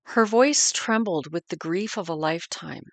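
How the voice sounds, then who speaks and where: Gravelly woman in her 50s telling a family war story, earnest and thoughtful, dry close sound. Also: on the low side, normal speed, no echo. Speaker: podcast narrator. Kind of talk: scripted history narration.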